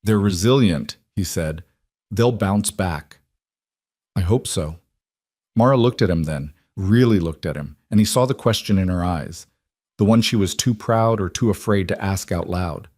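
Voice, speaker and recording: Low-voiced man narrating a western. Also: a little slow, a little mellow, no echo, clean studio sound. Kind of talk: scripted narration of a western story.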